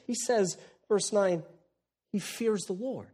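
A man preaching an expository sermon, moving between hushed lines and loud, exclaiming ones. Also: high-pitched, slow, slightly rough. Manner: animated, swings from hushed to exclaiming.

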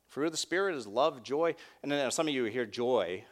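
A man preaching a sermon in an earnest, conversational way, with wry asides, who lifts his voice on key words and softens in prayer. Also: animated, normal speed. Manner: rises in pitch and volume on key words, drops soft in prayer. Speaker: pastor.

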